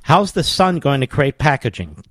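A middle-aged man hosting a talk radio show, combative and emphatic, jumping up into sudden high exclamations. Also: very animated, normal speed, fairly bright tone, dry recording.

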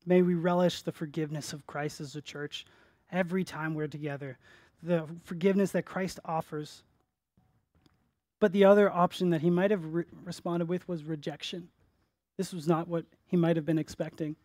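A male pastor preaching a sermon in church, earnest, rising to emphatic peaks and dropping soft on key phrases. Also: on the high side, steady tone, normal speed, no room sound.

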